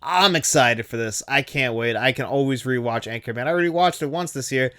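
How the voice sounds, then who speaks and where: A man's voice: mid-range voice, a little fast, a bit bright. A man in his thirties hosting a casual movie talk show, enthusiastic and laughing now and then. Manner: enthusiastic, laughs at quoted lines. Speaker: host.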